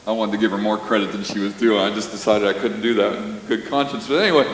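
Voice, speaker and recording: A pastor preaching a sermon, telling stories with lively, animated delivery and sudden loud bursts. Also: male voice, fairly low pitch, fast talker. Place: church sanctuary. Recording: roomy hall reverb with faint hiss.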